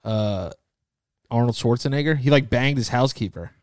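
A man's voice: mid-range voice, normal speed, a little mellow, no echo, clean studio sound. A man from New York co-hosting a podcast, trading jokey, profane banter in casual chat. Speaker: podcast co-host.

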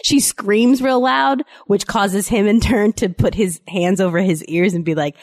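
A woman's voice: medium pitch, a little slow, dry recording, studio quality. A young woman co-hosting a casual podcast chat, telling parenting stories and acting out what people said. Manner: animated, acts out quotes in character voices. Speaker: podcast co-host.

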